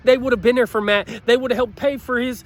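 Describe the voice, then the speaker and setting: An emotional man talks straight to the listener in a high voice, earnest and pleading, repeating his points to press them home. He sounds choked up as he speaks. Faint traffic hums behind him outdoors. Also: steady tone, fairly quick. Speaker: motivational speaker. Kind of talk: heartfelt motivational talk to camera.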